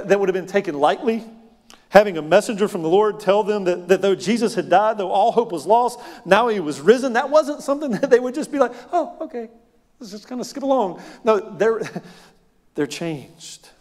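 A man preaching a sermon as pastor, animated, moving between loud emphatic lines and soft, quiet ones. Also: high-pitched. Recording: long hall reverb.

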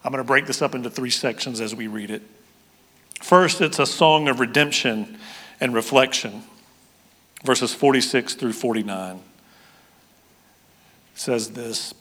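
A man preaching a sermon as pastor, moving between loud, excited storytelling and quiet, hushed emphasis. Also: mid-range voice, a little slow, long pauses, big-room sound.

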